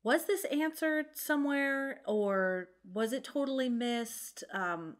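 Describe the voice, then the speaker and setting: Chatty mom podcast co-host. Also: female voice, high-pitched, slow pace. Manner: chatty, self-deprecating, filler "um"s. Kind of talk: casual chat.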